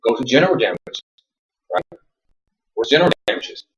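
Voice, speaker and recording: A man's voice: mid-range voice, very animated, fairly quick, echoey room, muffled recording, a little hiss or hum. A man teaching a paralegal class, talking loosely and conversationally, repeating and restarting words and putting questions to the students. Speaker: law instructor and attorney. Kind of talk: classroom lecture.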